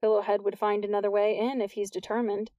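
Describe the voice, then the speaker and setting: A woman reading a novel aloud as an audiobook narrator, with smooth, even storytelling. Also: medium pitch, fast talker, no echo. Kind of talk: scripted narration.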